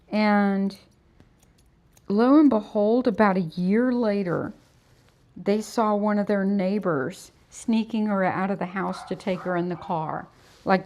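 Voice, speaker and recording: A woman's voice: medium pitch, a little mellow, a little hiss or hum. A middle-aged woman, a dog groomer, chatting on a livestream as she works, soothing the dog and telling stories. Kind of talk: casual livestream chat while working. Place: grooming salon.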